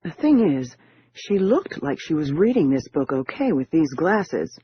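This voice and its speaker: A man voicing a cool, sharp female con artist. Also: fairly high pitch, very animated, a little slow, dull audio, a little hiss or hum. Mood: matter-of-fact.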